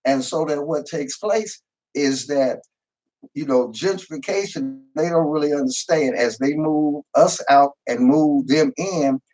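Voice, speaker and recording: An older man talking in a relaxed, storytelling way, often repeating words as he goes. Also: fairly high pitch, a little slow, poor audio. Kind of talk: casual discussion.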